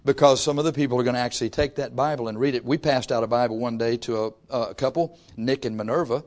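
A pastor preaching to his congregation, swinging from loud rises to soft asides. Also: medium pitch, steady tone, fast talker. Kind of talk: sermon. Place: church before a congregation.

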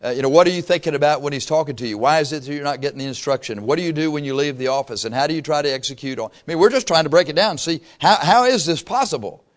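Male preacher with a slightly high voice, easy storytelling sermon in a church. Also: expressive, racing, hardly any pauses. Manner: conversational preaching, acts out dialogue in quotes. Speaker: pastor. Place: church sanctuary.

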